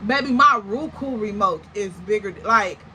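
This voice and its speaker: A young woman telling a story in a casual, animated, slangy way, full of exaggerated comparisons. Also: mid-range voice, moderate pace, slight background noise, poor audio. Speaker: storytime vlogger.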